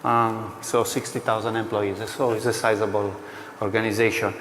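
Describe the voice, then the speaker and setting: A man speaking as a company executive guest in a panel interview, answering in a measured way with frequent pauses and fillers. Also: on the low side, flat delivery, a bit bright, big-room sound, a little hiss or hum.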